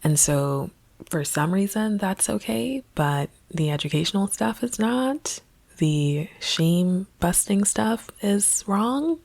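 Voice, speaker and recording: A woman spiritual coach musing in a reflective vlog monologue, often dropping to a soft half-whisper. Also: lowish voice, expressive, slow pace, gravelly, dry recording.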